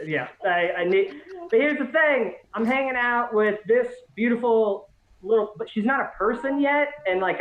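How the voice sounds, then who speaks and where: A man's voice: sits high, echoey room, phone-quality sound. Rambling, profane stand-up man on a video call. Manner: self-deprecating, rambling, profane, laughs at own jokes. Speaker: stand-up comic. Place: home during quarantine.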